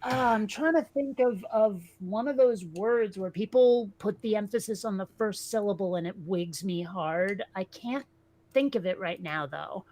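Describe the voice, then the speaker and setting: A woman co-hosting a casual talk show, blunt and animated, swearing freely. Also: medium pitch, a little slow. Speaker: podcast co-host. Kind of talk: casual chat.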